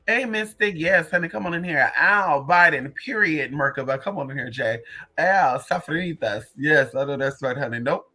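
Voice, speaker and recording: A livestream host and spiritual reader chatting casually, sassy and profane, greeting viewers by name and telling animated stories full of "girl" and "honey". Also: mid-range voice, moderate pace.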